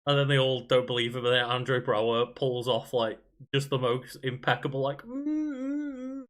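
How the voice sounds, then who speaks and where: A man's voice: medium pitch, little pitch movement, normal speed, a bit bright. A man co-hosting a podcast in casual chat, laughing often and telling stories loosely, with many fillers. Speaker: podcast co-host.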